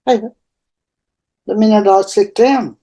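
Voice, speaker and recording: A woman with a soft, warm voice gives a spiritual reading in an unhurried, wandering way. She speaks affectionately to her listeners and calls them her darlings. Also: medium pitch, fairly even intonation, poor audio. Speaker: psychic tarot reader.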